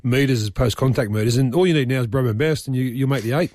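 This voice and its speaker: A man's voice: mid-range voice, fast talker, a little mellow, dry recording, studio quality. A man from Western Sydney with an Australian accent, co-hosting a sports radio show in a chatty, joking way, often repeating words as he goes. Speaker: radio sports co-host, former player. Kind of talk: casual sports radio chat. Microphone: studio microphone.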